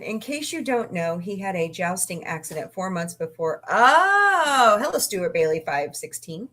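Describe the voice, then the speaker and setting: At home with her cats nearby, a woman hosts a casual livestream, greeting viewers and reading their comments in a goofy, easygoing way. Her mid-range, sharp-toned voice is sing-song and measured, with hardly any pauses, and she laughs easily.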